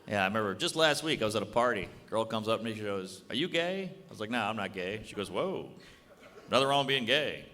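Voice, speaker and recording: A man doing a stand-up routine on a club stage, delivering blunt, deadpan jokes and acting out quick bits of dialogue. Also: lowish voice. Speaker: stand-up comedian. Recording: live club with audience noise and reverb. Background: laughing audience.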